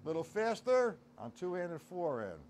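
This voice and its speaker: A man's voice: high-pitched, very animated, normal speed, over loud music. A middle-aged man giving a casual live-streamed drum lesson, counting beats aloud and talking to his chat. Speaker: drum teacher. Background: drum kit playing.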